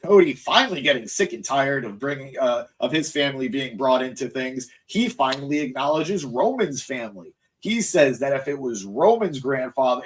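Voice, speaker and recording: A man hosting a live wrestling recap stream, rambling and easily sidetracked as he reacts to chat, sounding tired. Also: medium pitch. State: tired, voice cracking. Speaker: wrestling show host.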